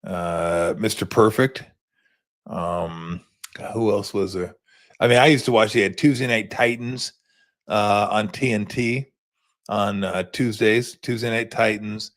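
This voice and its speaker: Laid-back low-voiced male sports host. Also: fairly even intonation, measured pace. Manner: laid-back, rambling storyteller. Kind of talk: casual postgame chat.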